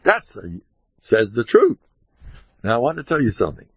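Speaking as a rabbi, this man delivers a casual Torah talk full of wry, mock-boastful sarcasm, rambling off on asides that cut into his own sentences and peppering it with Hebrew and Yiddish terms. His voice sits mid-range, sing-song and brisk. There's slight background noise on a dull, lo-fi recording.

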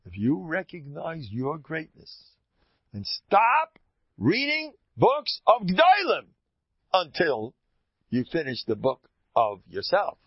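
A man with a gravelly, husky voice gives an informal Torah talk. His pitch swings widely, and he repeats phrases to drive his points home. The recording is dull and dry, with a lo-fi sound. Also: dry recording. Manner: animated and emphatic, repeats phrases for stress. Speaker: Torah teacher.

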